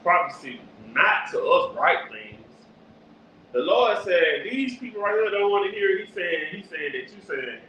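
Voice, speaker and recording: A man preaching forcefully on the street, teaching from scripture and directing a reader. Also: sits high, big pitch swings, normal speed. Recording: echoey, distant, dull lo-fi with faint noise.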